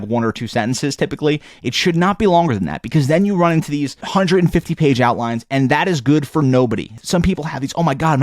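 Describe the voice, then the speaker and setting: A man's voice: mid-range voice, dry recording, clean studio sound. Emphatic man giving blunt study advice. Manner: emphatic, blunt, repeats key points. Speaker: law school tutor and company head. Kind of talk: advice vlog to camera.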